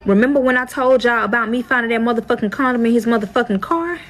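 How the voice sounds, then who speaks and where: Young woman w/ aave doing storytime, cussing a lot, all worked up and dramatic, voice on the higher side. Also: quick pace, rough recording. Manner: profane, exasperated, dramatic retelling. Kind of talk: storytime vlog.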